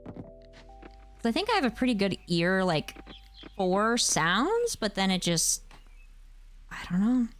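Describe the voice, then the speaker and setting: A woman's voice: medium pitch, big pitch swings, takes it slowly, long pauses. A young woman chatting casually on a gameplay stream, rambling and answering her chat, with faint music behind her.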